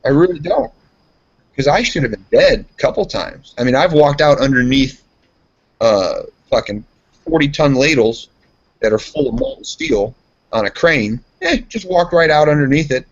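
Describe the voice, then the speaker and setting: In an expressive mid-range voice with a breathy edge, the guest, a steel mill worker, chats at normal speed and rambles through work stories packed with swearing. It's captured in dull, lo-fi podcast audio.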